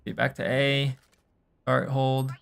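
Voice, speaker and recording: A young man streaming, casually reviewing gameplay and coaching, relaxed and thinking aloud with lots of fillers and the odd swear. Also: mid-range voice, slow pace, vocal fry, smooth.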